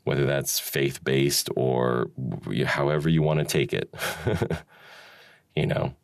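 A man's voice: extremely low pitch, steady tone, slow pace, gravelly, pauses often, dry recording, studio quality. A man hosting a solo talk, rambling and musing with frequent chuckles and restarts. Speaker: podcast host. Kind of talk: solo reflective monologue.

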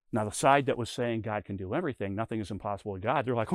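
A man's voice: fairly low pitch, big pitch swings, quick pace, no room sound. An older man giving a conversational Bible lesson, telling stories and explaining with everyday comparisons. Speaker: Bible teacher.

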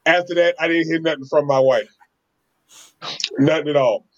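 A man, a podcast co-host, tells a story in casual chat, animated and laughing often, acting out quotes. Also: fairly high pitch, moderate pace. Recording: slightly dull lo-fi sound.

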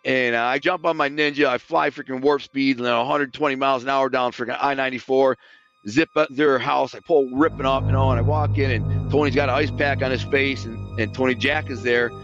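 A man's voice: medium pitch, steady tone, fairly quick, a bit bright, lo-fi sound, soft background music. A man casually recounting his past in a streetwise, profane way, acting out what other people said. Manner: streetwise, profane, re-enacts quoted speech. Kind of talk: casual storytelling.

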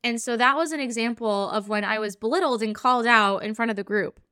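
A woman hosting a podcast as a spiritual practitioner, telling a personal story in an earnest, animated way and acting out the conversations she recalls. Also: fairly high pitch, fairly quick, smooth, no echo, clean studio sound.

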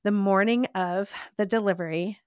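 A woman's voice: mid-range voice, fairly even intonation, normal speed, a little mellow, smooth, no room sound, studio quality. A woman telling her personal faith testimony about adopting her baby as a podcast guest, speaking in a heartfelt, emotional way and laughing often as she tells the story. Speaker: adoptive mother.

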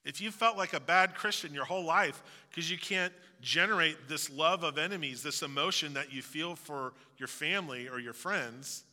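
A man's voice: a little high, moderate pace, few pauses, bright, forceful tone, in a large hall. A male pastor giving a sermon, earnest and preaching, with jokey asides.

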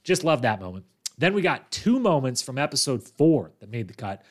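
Chatty man hosting a recap podcast. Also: mid-range voice. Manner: chatty, animated storytelling with quick asides. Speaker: podcast host.

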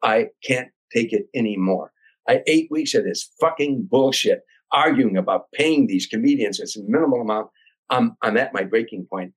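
An older man from Chicago, a comedian telling a long anecdote as a podcast guest, animated and acting out voices and sounds. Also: medium pitch, normal speed, breathy edge, low-quality recording. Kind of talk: storytelling anecdote.

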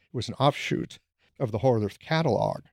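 Gravelly middle-aged man, dry sound. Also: mid-range voice, fairly quick, no echo. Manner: animated storytelling. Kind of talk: casual conversation.

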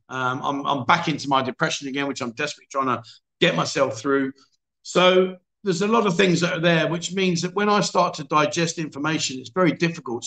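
Chatty livestream host, bright voice. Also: male voice, fairly high pitch, vocal fry. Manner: chatty, self-deprecating, frequent restarts and "mate". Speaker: livestream chat show host. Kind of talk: casual livestream chat reading viewer comments. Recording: echoey room.

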